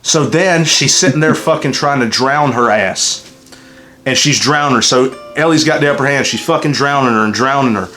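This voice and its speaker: A man with a Southern US drawl tells a game story in a loose, rambling way and swears all the time. He talks emotionally, with a voice of middling pitch. Faint music runs under him. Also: normal speed, sharp tone. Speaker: channel host reviewing a game. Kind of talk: casual unscripted review chat, heavy profanity.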